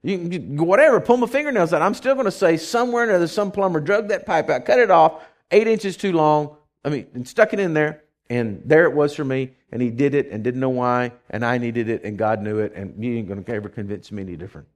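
A man preaching a conversational sermon, folksy and animated, telling stories and acting out voices. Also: on the high side, a little fast, few pauses. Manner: animated storytelling, acts out voices.

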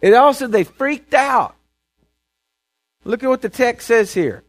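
A man's voice: very high voice, expressive, unhurried. A man, preaching a sermon as a pastor. He tells the story in a casual, conversational way, stammering through restarts and often checking in with "right?" and "okay?".

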